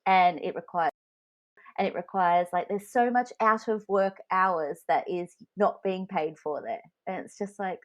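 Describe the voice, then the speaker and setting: Frank woman podcaster, lowish voice. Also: moderate pace, dull audio. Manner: candid, frank storytelling. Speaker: podcast co-host. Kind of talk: casual podcast chat.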